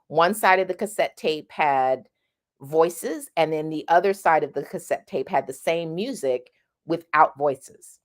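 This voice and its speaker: A woman's voice: low voice, unhurried. A middle-aged woman giving a chatty singing lesson, often checking in with "right?" and demonstrating sounds. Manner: demonstrates sounds mid-sentence. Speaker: singing teacher. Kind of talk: casual vocal lesson.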